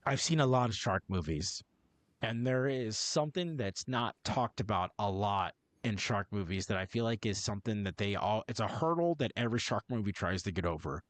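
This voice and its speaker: A man's voice: lowish voice, animated, moderate pace, dry recording. A man co-hosting a podcast in casual movie-review chat, cursing often and restarting his sentences as he rambles. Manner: profane, rambling, self-interrupting. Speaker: podcast co-host.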